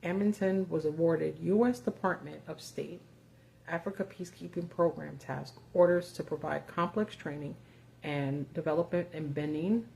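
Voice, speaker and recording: A woman with a low, mellow voice hosts a live stream. She talks off the cuff, profane and sarcastic, with plenty of ums and likes as she reads things out. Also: normal speed, vocal fry, a little hiss or hum. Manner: casual and profane, sarcastic asides, many fillers. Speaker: host of a live video. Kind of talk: casual live-stream commentary.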